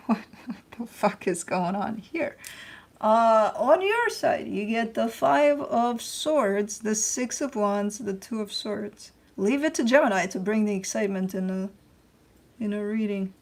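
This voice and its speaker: A woman's voice: mid-range voice, animated, takes it slowly. Chatty woman giving a tarot reading. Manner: chatty and loose, with slang and the odd curse; coaching and reassuring, repeats herself for emphasis. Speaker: tarot reader hosting her channel. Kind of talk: casual spoken tarot reading.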